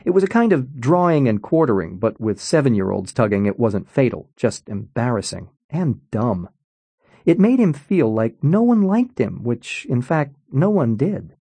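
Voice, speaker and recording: Wry, expressive male audiobook narrator. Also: mid-range voice, normal speed, slightly rough, dry recording. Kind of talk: scripted narration.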